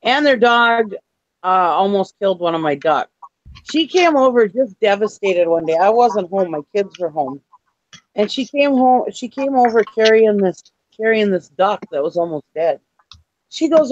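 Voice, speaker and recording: A woman chats on a casual talk show, spinning long anecdotes and laughing as she goes. Her voice sits at a middle pitch, and the audio comes through dull and lo-fi. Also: lively intonation, moderate pace, no room sound. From grew up in a city. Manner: chatty storyteller, laughs often. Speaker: co-host of a reseller talk show. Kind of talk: casual chat.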